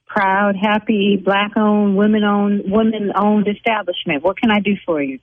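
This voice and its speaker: A woman who owns a beauty salon, arguing with a caller over the phone, indignant and blunt and quick to flare up. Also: medium pitch, fairly even intonation. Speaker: salon owner on a phone call. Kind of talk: heated phone argument. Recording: tinny phone line.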